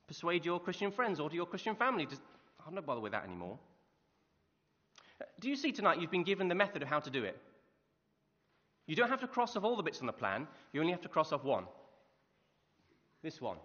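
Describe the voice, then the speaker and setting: Animated preacher in a hall. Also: male voice, high-pitched, quick pace, pauses often. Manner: lively storytelling with rhetorical questions. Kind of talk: sermon. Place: church hall. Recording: muffled reverberant hall recording.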